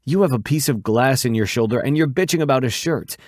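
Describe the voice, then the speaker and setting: A man's voice: mid-range voice, lively intonation, fairly quick, darkish tone, dry recording, studio quality, voice pushed up, lightly acted. A man voicing a blunt, feisty young woman who exclaims in exasperation, in an audiobook. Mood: exasperated.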